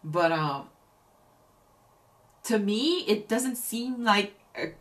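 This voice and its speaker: A woman's voice: medium pitch, animated, extremely slow, fairly bright tone. A woman co-hosting a reaction chat, talking through a show thoughtfully and often restarting her sentences. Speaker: reaction channel co-host.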